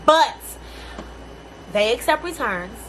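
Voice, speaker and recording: A young woman vlogging a casual storytime rant, animated and exasperated, swearing freely in slangy speech. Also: a little high, slow, a little hiss or hum.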